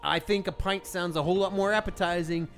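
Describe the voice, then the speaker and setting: A man from the United States co-hosting a podcast, chatting casually in a rambling, opinionated, deadpan way. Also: high voice, brisk. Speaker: podcast co-host. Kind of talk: casual banter.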